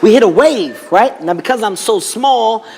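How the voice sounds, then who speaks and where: A man's voice: high-pitched, normal speed, creaky. A man telling comic stories as a talk show guest, acting out the voices and laughing as he goes. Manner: animated, acts out voices, laughs mid-sentence. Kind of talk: comedic storytelling. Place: TV studio before an audience. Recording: reverberant studio with loud noise.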